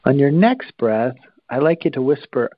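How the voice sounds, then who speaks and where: A man guiding listeners through a breathing exercise, calm and instructive, with long pauses. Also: mid-range voice, no room sound, dull audio. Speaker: breathing teacher.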